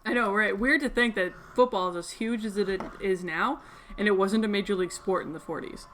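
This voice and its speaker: A woman's voice: medium pitch, a little fast, a bit bright, slight background noise. A young woman from Canada chatting casually and rambling while she sews on a livestream, laughing often. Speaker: crafting livestream host. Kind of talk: casual chat while sewing.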